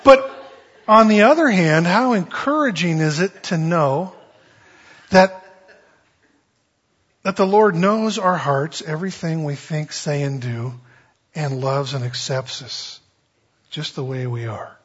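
Husky folksy male preacher. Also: a little high, slow pace, pauses often. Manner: folksy, conversational, animated storytelling. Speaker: pastor. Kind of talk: sermon. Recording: dull lo-fi recording.

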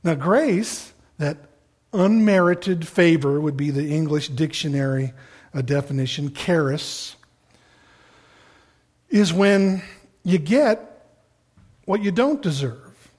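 A middle-aged man preaching a sermon as pastor, animated and acting out the voices of the people he quotes. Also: fairly high pitch, slow, pauses often.

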